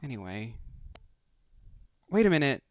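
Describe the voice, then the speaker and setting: A man's voice: medium pitch, big pitch swings, measured pace, no echo. A young man streaming a video game, reacting with sassy, campy banter and playful teasing. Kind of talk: live game stream commentary.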